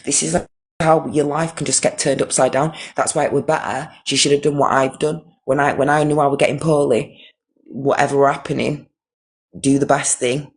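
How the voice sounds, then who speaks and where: A man's voice: fairly high pitch, level tone, normal speed, breathy edge. A man hosting a live stream, indignant and emphatic, restarting his sentences.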